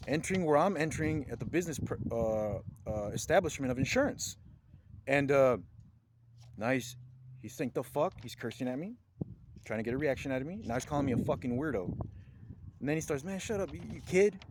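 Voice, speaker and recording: A man's voice: medium pitch, normal speed, pauses often, background noise. A man giving an angry, rambling complaint to camera, indignant and repetitive, swearing as he goes. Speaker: vlogger filing a complaint.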